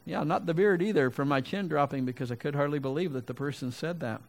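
Man preaching with animated, swinging emphasis. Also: fast. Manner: animated preaching, swinging between loud emphatic peaks and quiet low asides; conversational, with restarts and asides to the congregation. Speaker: pastor. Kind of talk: sermon.

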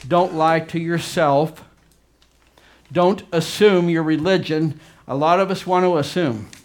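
A man preaching a fervent sermon as pastor, swinging between loud urgent emphasis and quiet low asides. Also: a little slow.

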